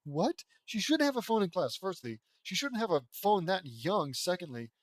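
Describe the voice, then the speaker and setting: A man's voice: high voice, sing-song, moderate pace, no room sound. Sarcastic man reading fan fiction aloud. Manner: sarcastic, swears, breaks off to mock the text. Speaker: audiobook reader of fan fiction. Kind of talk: reading aloud with off-the-cuff commentary.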